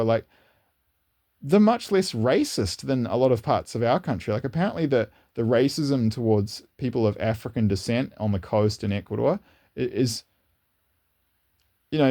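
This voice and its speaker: A man talking in a casual, unscripted monologue as a channel host, rambling earnestly with frequent restarts and repeated words. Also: mellow. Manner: earnest, rising in pitch when enthused. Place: lives in New Zealand, indoors.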